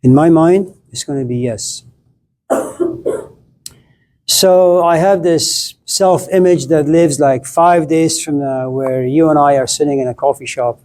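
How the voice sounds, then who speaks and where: Mellow-voiced playful male lecturer. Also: a little high, measured pace. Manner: playful, acts out little scenes. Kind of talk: classroom lecture.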